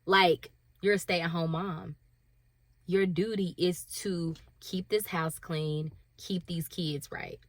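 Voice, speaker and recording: A woman's voice: on the low side, steady tone, slow pace, no room sound. A woman in her thirties, a stay-at-home mom, talking candidly and emotionally to camera, laughing at herself and acting out her inner voices. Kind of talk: candid confessional talk to camera.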